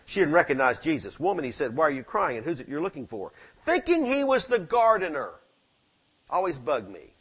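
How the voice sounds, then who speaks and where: Fervent husky-voiced man preaching. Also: a little high, sing-song, a little fast, a bit bright. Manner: fervent preaching that rises and drops sharply. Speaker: pastor. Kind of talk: sermon. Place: church sanctuary with amplified mic.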